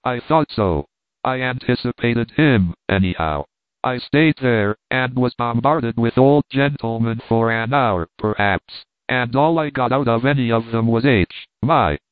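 A man's voice: medium pitch, measured pace, no echo. Wry male audiobook narrator, tinny sound. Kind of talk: reading a travel memoir aloud. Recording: dry, tinny phone-like sound.

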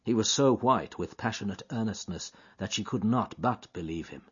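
A man's voice: fairly low pitch, lively intonation, normal speed, hardly any pauses, breathy edge. Man narrating a story expressively. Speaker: audiobook narrator. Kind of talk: scripted narration. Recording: dull lo-fi recording.

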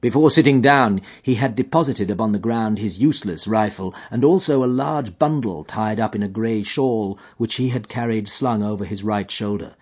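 A man narrating a literary story in an expressive, dramatic, drawn-out manner. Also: on the low side, slightly rough, highs cut off. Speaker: audiobook narrator.

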